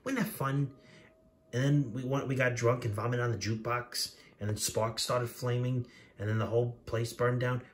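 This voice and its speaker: A man's voice: mid-range voice, fairly even intonation, normal speed, lightly acted. A man voicing a cheeky male engine who teases his friend in a mocking, sing-song way. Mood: teasing.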